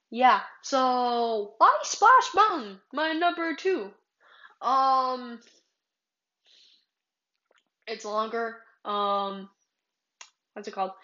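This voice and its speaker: Woman podcaster, slow rambling chat, lots of fillers, slightly muffled lo-fi sound. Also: medium pitch, a bit bright, roomy sound. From California. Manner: rambling, many fillers and restarts. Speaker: podcast host. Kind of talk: casual solo podcast monologue.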